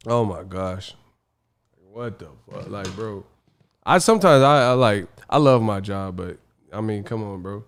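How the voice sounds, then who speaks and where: Hosting a boxing livestream, this man rants casually, exasperated and slangy, and laughs often. His voice is fairly low, expressive, clear and resonant, and his pace is a little slow.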